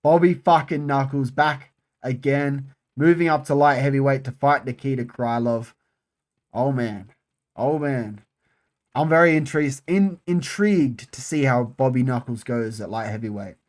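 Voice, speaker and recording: Excitable swearing man. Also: mid-range voice, normal speed. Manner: animated, frequent swearing, repeats phrases. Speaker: MMA channel host. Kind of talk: casual solo commentary.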